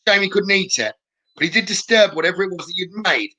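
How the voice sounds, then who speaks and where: Bright high-voiced psychic medium. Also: male voice, animated, fast talker. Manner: chatty, relays messages with frequent "okay?". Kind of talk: live-streamed spirit readings.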